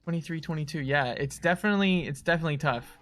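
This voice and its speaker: A young man co-hosting a livestream in casual chat, reacting quickly and excitably. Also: on the high side. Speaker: livestream co-host.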